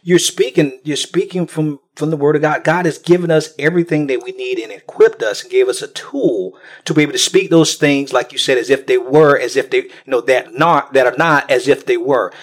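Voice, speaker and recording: A man's voice: on the high side, fairly quick, few pauses. A man hosting a podcast, who affirms his guest and eagerly quotes scripture. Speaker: podcast host. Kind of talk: podcast interview.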